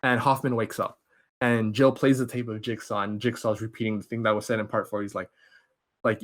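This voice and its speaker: A young man hosting a podcast, giving an excited, rambling movie recap and acting out characters' lines. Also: medium pitch, moderate pace. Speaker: podcast host.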